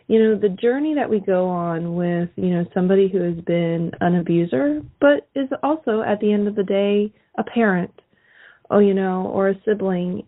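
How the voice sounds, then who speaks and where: A woman coach hosting an interview. She listens in an affirming, reflective way, then shares her thoughts. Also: medium pitch. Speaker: host and coach. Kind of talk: interview conversation. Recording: tinny phone-line sound.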